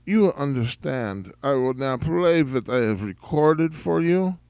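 A pompous German caller, as a man puts him on, drawls every word in a slow, formal way. His voice is gravelly with fry. The sound is dry and close. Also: mid-range voice, animated, a little mellow, no room sound. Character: pompous German man, leather shop owner. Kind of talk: comedic prank call monologue. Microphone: phone call.

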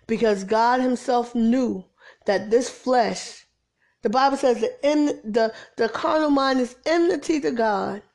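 Woman preacher, slightly high voice, informal impassioned sermon, soft near-whispered asides. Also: unhurried, creaky. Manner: preachy, rising to exasperated emphasis, drops to soft near-whispers.

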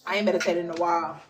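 A woman's voice: on the low side, poor audio. A woman giving a casual tarot reading, chatty and profane, who repeats phrases for emphasis and calls her listeners "y'all". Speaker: tarot reader.

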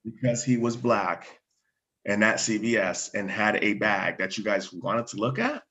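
A man who works as a fire chief, telling a personal story in animated conversation, often restarting words. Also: on the low side, unhurried.

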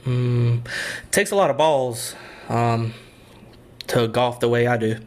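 A man in his thirties trading dad jokes in a casual chat, with a slow, drawn-out delivery and hesitant ums between jokes. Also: mid-range voice. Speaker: joke teller in a try-not-to-laugh game. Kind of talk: casual joke swapping.

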